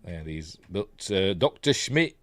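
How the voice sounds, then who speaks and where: A man's voice: sits low, very animated, measured pace, no echo. A middle-aged man with a Yorkshire accent, talking casually through a film scene by scene with lots of ums and dry, wry jokes. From Yorkshire, England. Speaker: film review host. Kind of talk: casual film commentary over footage.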